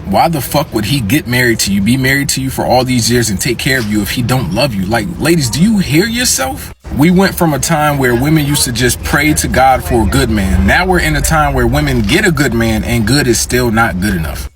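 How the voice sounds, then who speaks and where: A man's voice: medium pitch, animated, fairly quick, few pauses, over music. A man in a response video, blunt and angry, swearing heavily.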